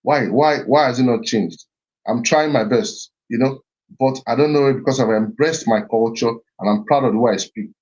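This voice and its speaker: A man's voice: mid-range voice, normal speed, darkish tone. A middle-aged man giving an earnest, reflective talk on heritage and identity, often repeating himself and restarting phrases. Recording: slightly muffled recording.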